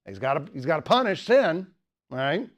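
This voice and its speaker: A man's voice: fairly high pitch, sing-song, moderate pace, dull audio. A man giving a humorous teaching talk at a student apologetics club, rambling with many jokes and asides.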